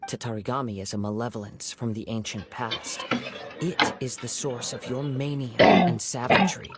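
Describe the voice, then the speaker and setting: A man voicing a composed, gravelly young wandering swordsman. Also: medium pitch, very noisy, natural voice. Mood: earnest. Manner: composed, measured and gentle. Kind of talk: game voice acting. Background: game music.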